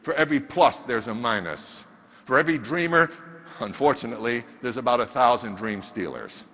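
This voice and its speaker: A man's voice: medium pitch, lively intonation, fairly quick, fairly bright tone. A man giving an emphatic motivational stage talk, throwing rhetorical questions at the audience, heard in a large hall. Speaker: motivational speaker. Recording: long reverb of a large hall.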